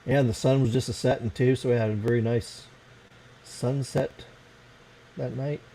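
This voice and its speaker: A man's voice: mid-range voice, fairly even intonation, moderate pace, vocal fry, mellow, slight background noise, poor audio. An American man hosting a casual late-night livestream, rambling and swearing as he fiddles with his computer. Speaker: livestream host.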